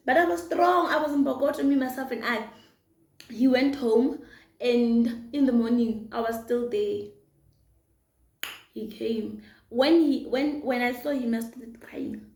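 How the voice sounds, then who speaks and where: A young woman telling a personal story in a casual storytime vlog, chatty and animated, mixing in Setswana phrases. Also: a little high. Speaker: vlogger. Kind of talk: storytime vlog while eating. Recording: echoey room.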